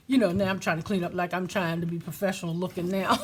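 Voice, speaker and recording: A woman hosts a casual crafting video, talking fast with hardly any pauses in a slightly high, fairly bright voice. Chatty and quick to laugh at herself, she addresses her viewers directly as "y'all."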